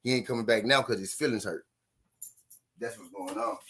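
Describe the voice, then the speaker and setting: A man's voice: fairly low pitch, moderate pace, fairly bright tone, breathy edge. A man from Memphis, Tennessee, hosting a live stream and taunting his chat with mocking, repeated jabs and frequent laughter.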